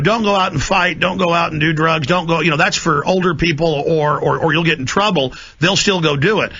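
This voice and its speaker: A man's voice: fairly high pitch, vocal fry, bright, forceful tone, husky. A man speaking in a conversational, thoughtful way with frequent fillers, heard as a radio guest. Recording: dull lo-fi radio audio.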